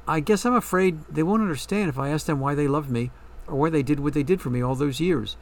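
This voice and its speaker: A man's voice: fairly high pitch, quick pace, lightly acted. A man reading a story, voicing a troubled young woman who doubts she deserves love, in a hesitant, questioning way. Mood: uneasy.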